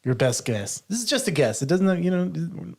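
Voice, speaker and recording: A man's voice: on the high side, sing-song, moderate pace, creaky, darkish tone. A man hosting a casual podcast discussion, hesitant and repeating words as he thinks. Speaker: podcast host.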